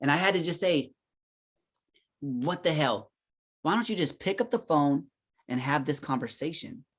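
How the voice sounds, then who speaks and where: A man's voice: on the high side, expressive, normal speed. A man co-hosting a podcast, telling a personal story reflectively in casual chat. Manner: reflective, keeps asking "right?". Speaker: podcast co-host.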